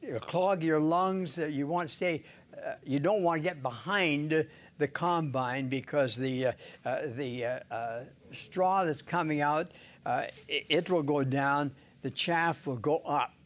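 An older man giving an informal sermon on scripture, halting, with many "uh"s, restarts and little chuckles. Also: on the high side. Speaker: Bible teacher.

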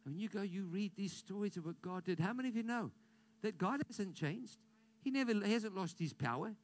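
A man preaching a sermon as pastor, leading the congregation in call-and-response declarations and swinging between loud impassioned calls and hushed prayer. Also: high voice, animated, fairly quick.

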